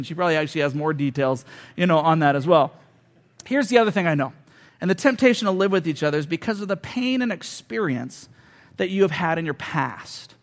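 A man's voice: high voice, a bit bright. A man in his forties preaching a conversational sermon to a congregation, telling stories and driving points home with emphasis. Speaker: pastor. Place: church hall with audience.

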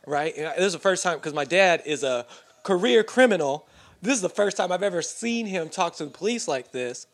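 A man's voice: fairly high pitch, animated, normal speed, a bit bright. A young man co-hosting a podcast, telling rambling stories in casual chat, with lots of fillers and swearing. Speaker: podcast co-host.

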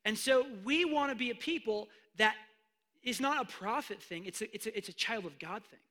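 A man preaching a sermon, animated, swinging between hushed asides and loud emphatic declarations. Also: high-pitched, moderate pace. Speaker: pastor.

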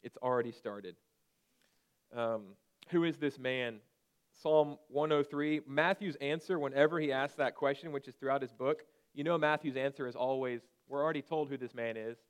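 A man in his thirties preaching a conversational sermon and at times breaking into sharp shouted commands. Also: medium pitch, normal speed, smooth. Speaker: pastor.

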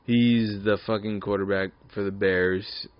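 A man's voice: on the low side, steady tone, measured pace, clean tone, dry recording. A drunk man in his early twenties hosting his own podcast alone, rambling, swearing and repeating himself. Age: 20s. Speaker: podcast host. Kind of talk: casual solo podcast rant. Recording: dull lo-fi recording.

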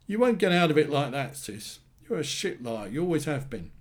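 Man reading as a furious young man, foul-mouthed, blunt, animated pitch, storybook. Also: normal speed. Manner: swearing, bitter and blunt.

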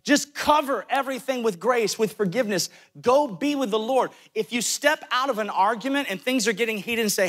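A man with a Southern US accent preaching a sermon, talking directly to his listeners with quick asides. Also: high voice, fairly bright tone. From American South. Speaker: pastor.

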